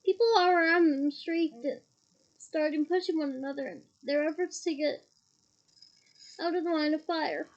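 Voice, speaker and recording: Woman reading a book out loud, really high voice, a bit muffled lo-fi. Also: normal speed, pauses often. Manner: expressive, with small stumbles and asides. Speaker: reader. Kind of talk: reading a novel aloud.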